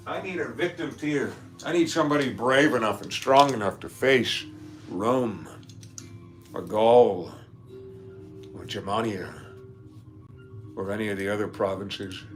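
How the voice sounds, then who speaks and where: Rambling, laughing man hosting a livestream. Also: fairly low pitch. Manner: rambling, laughs often, nerdy asides. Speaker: livestream host reading viewer comments. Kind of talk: casual live-stream chat.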